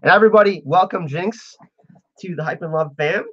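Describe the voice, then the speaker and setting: A man's voice: high-pitched, brisk, dull audio. A man hosting a casual livestream, chatting with viewers and reading out their messages, laughing often. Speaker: livestream host.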